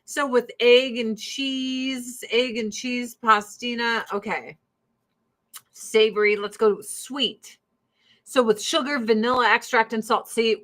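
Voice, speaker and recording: A woman's voice: a little high, a bit bright. A woman in her forties, chatting casually and bluntly with lots of swearing as she does her skincare at home, talking close to a streaming mic. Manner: profane and blunt, breaks into laughs. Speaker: vlogger. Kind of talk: casual chat during a skincare routine. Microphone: streaming mic close to the camera.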